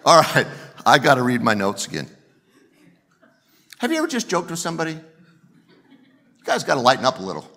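A man's voice: medium pitch, wildly swooping pitch, moderate pace, long pauses, pushed and bright. A male pastor preaching a sermon in a conversational, self-deprecating way, joking with the congregation.

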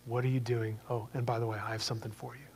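A man voicing a hushed, compassionate Jesus. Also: medium pitch, steady tone, normal speed, slight background noise, voice pushed down, natural voice, rough recording. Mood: gentle. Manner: soft, hushed, almost whispered.

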